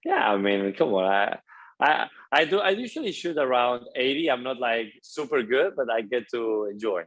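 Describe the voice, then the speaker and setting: A man's voice: medium pitch, very animated, moderate pace, fairly bright tone, low-quality recording. A man in his twenties from Spain with a Spanish accent, speaking as a guest in a casual interview, upbeat and eager, often saying "you know". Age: 20s.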